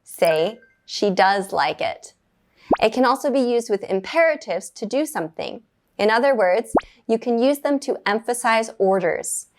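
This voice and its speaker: Woman reading a beginner grammar lesson, clear and measured, perks up on the praise bits. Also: on the high side, expressive. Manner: clear, measured, with bright upbeat praise words. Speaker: English teacher.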